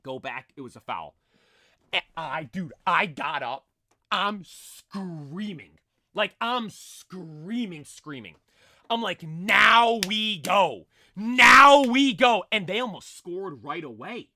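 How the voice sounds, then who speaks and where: This young man's voice is on the high side, very animated and sharp, yet his pace is slow. He's telling a story excitedly and energetically, rambling with many fillers and restarts, his throat a little strained after screaming left his voice nearly lost.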